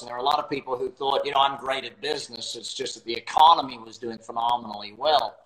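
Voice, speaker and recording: A man's voice: medium pitch, reverberant, rough recording. A middle-aged Australian man from Australia, chatting confidently as an interview guest and explaining his work with plain, homely examples. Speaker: podcast guest, business coach. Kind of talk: casual interview chat.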